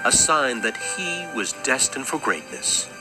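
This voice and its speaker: A man narrating a documentary in a measured, scripted way. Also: mid-range voice, big pitch swings, poor audio. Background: music.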